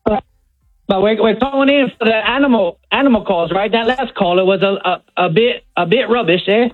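A man's voice: high voice, brisk, faint music behind, close to an everyday voice. A man doing a hammy fake Australian bloke. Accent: put-on Australian. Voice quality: hammy, drawled mates and good days. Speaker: caller. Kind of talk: phone-in bit on radio. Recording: tinny phone line.

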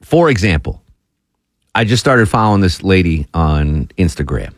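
Animated man telling stories in casual chat. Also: normal speed, no echo, studio quality. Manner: animated storyteller, jumps high in pitch when amused. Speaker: podcast co-host.

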